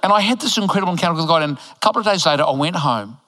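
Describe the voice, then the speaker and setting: A bright, high-pitched older man preaching in a church auditorium, from New Zealand. He delivers his sermon in an emphatic, animated way with playful joking asides. His voice rings out with long hall reverb. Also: racing, slight background noise. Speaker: pastor.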